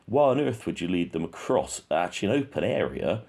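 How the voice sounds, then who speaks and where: Deep-voiced man in casual true crime commentary. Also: big pitch swings, a little fast, creaky, a little mellow. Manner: conversational, thinks aloud with frequent restarts. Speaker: true crime channel host.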